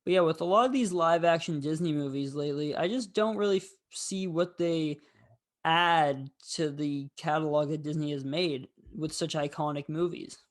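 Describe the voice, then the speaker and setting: Man hosting a film review show, somewhat high voice, casual, rambling and candid. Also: moderate pace. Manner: rambling, candid, with frequent fillers.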